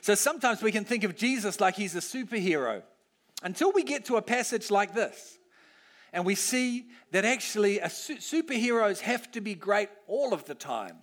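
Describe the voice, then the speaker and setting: A male pastor preaching a sermon, animated and acting out cheering crowd voices. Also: high-pitched, moderate pace.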